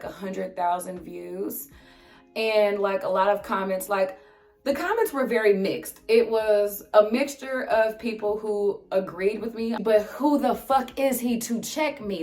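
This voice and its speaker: A young woman telling a storytime vlog as an animated, sarcastic, heavily profane rant. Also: on the high side. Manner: exasperated, sarcastic. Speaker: vlogger.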